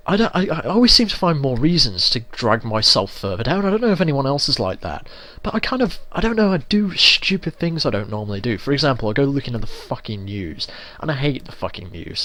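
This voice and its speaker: A man's voice: medium pitch, very animated, a little fast, pushed and bright. Young english guy swearing and ranting while he plays, voice jumps all over the place. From England. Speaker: let's play gamer. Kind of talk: casual gameplay commentary.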